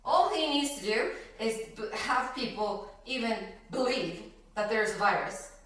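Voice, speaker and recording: A woman preaching in an emphatic religious talk, laughing often and swinging between loud outbursts and hushed words. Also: fairly high pitch, expressive, normal speed. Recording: roomy, far from the mic.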